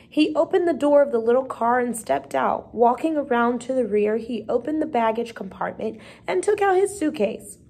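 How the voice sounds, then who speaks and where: A woman with a steady, measured delivery, reading a storybook chapter aloud. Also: a little high. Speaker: reader.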